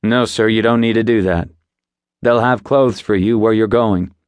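A male audiobook narrator voicing a measured, politely firm federal agent. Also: fairly low pitch, fairly even intonation, no room sound, close to an everyday voice. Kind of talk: audiobook character voice.

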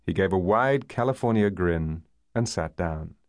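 A man narrating a novel as an audiobook, in a measured and expressive storytelling manner. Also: low-pitched, no echo, clean studio sound. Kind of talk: scripted narration.

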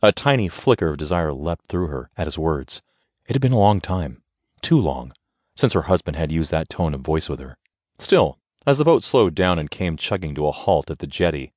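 A man with a deep voice narrates an audiobook in an expressive, measured way. His pitch rises and falls widely. The sound is dry and close, like a studio mic. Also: no echo.

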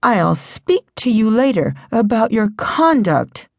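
A woman voicing a stern older female hospital supervisor who scolds in a measured way. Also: on the high side, lively intonation, no room sound.

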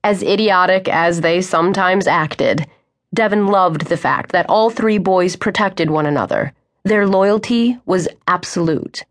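A woman narrating an audiobook in a smooth, even storytelling manner. Her voice sits a little low and steady. It is a close, plain studio reading. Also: unhurried. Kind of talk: scripted narration.

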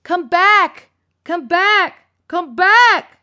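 A woman voicing a terrified man hanging from a cliff, screaming shrill pleas for help in an audiobook. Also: lively intonation, drawn-out words, pushed and bright, heavily acted. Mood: panicked screaming.

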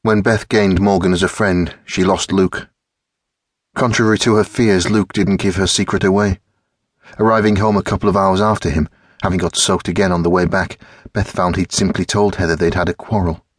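A man narrates an audiobook in a measured, even way. His voice is deep with a husky edge, and the studio recording is dry and close. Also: no echo.

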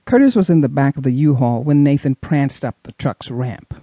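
Mellow, expressive male audiobook narrator. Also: mid-range voice, moderate pace, no room sound, lo-fi sound. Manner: expressive storytelling. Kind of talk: scripted narration.

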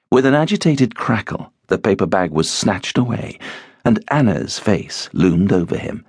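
A man narrating an audiobook in an expressive, measured storytelling manner. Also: low-pitched, creaky, slightly rough, no room sound, studio quality. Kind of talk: scripted narration.

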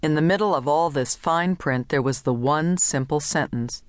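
A woman narrating a literary short story in a measured, even reading voice. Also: deep voice, no room sound. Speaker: audiobook narrator.

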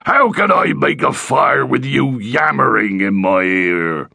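A man's voice: fairly high pitch, sing-song, takes it slowly, vocal fry, bright, forceful tone, husky, no room sound, pitched above the performer's own voice, exaggerated voice. A male audiobook narrator voicing a grumpy, irritable caveman father who snaps and grunts. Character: grumpy cursing caveman dad, middle-aged. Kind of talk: audiobook character voice.

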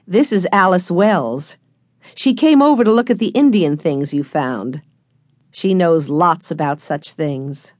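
Storybook: a woman doing a friendly, businesslike young man, low. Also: expressive, unhurried, a little mellow, no room sound, clean studio sound. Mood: brisk.

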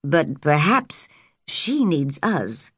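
A woman reading an audiobook, voicing a shy, kindly older farmer who speaks gently and hesitantly. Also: sits low, very animated, very slow, husky, no echo, studio quality, exaggerated voice. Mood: gentle, hesitant.

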